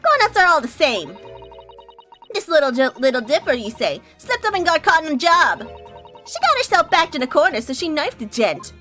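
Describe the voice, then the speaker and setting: A woman's voice: high voice, big pitch swings, moderate pace, fairly bright tone, faint music behind, pitched above the performer's own voice. Woman voicing a cocky street pickpocket girl. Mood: defiant. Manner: brash slangy street talk.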